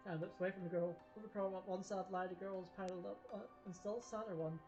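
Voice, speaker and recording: A woman's voice: mid-range voice, fairly even intonation, fast, muffled recording, music in the background. A woman streamer reading a game's story text aloud live, with casual asides. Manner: casual asides between narration.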